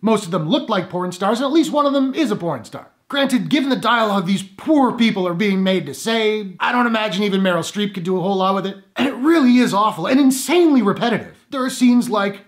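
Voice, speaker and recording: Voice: medium pitch, lively intonation, quick pace, few pauses. A film reviewer giving a spoken movie review with a sarcastic, wry delivery.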